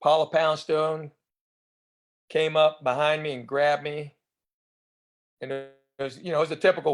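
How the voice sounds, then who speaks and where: This comedian guest, a fifties-aged man with a Southern US accent, spins casual, meandering stories and voices the lines of others as he chats. His slightly high voice comes out flat, at a moderate pace broken by long pauses.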